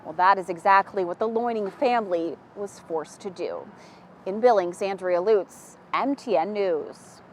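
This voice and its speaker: A woman reporter delivering a news segment with clear, formal reporting. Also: medium pitch, measured pace, slight background noise.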